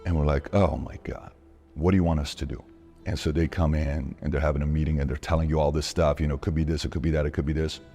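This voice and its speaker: A man telling a personal story in an interview, acting out the dialogue with lively shifts in his voice. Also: very deep voice, quick pace, soft background music. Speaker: interview guest.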